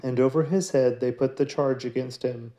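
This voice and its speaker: A man giving a daily scripture reading in a measured, steady way. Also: mid-range voice, muffled recording. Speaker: scripture reader.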